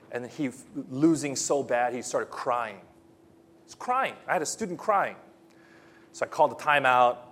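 Dynamic preacher man, loud then hushed. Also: mid-range voice. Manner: swings between loud emphatic bursts and quiet, hushed lines; repeats phrases for emphasis, preacherly. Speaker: pastor. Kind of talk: sermon.

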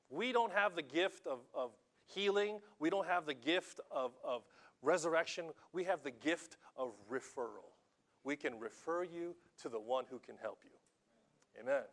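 A middle-aged man preaching a sermon as pastor, animated, repeating words and swinging between loud bursts and hushed lines. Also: on the high side.

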